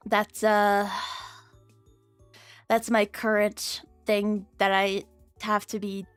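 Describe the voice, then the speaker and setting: A young adult woman streaming, chatting casually with viewers, rambling and giggly, swearing freely and jumping into squeaky high bits. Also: flat delivery, very slow, clear, resonant tone, dry recording, faint music behind.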